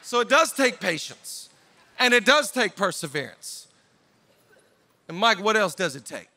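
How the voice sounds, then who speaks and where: Man, pastor, conference sermon, high voice, storytelling, shouted exhortations. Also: sing-song, unhurried, a faint crowd.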